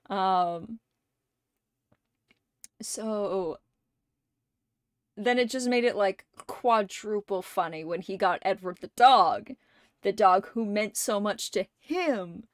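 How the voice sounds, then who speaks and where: A young adult woman streamer in casual chat, gushing like an excited fan and swearing and laughing often. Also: mid-range voice, slow, long pauses, no echo, clean studio sound.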